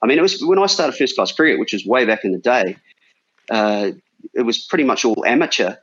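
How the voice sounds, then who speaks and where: This New Zealand man in his forties, once a cricketer, is a podcast guest, chatting and bantering with frequent restarts. His voice is medium in pitch, a bit bright with a breathy edge, and the recording has a dull lo-fi sound.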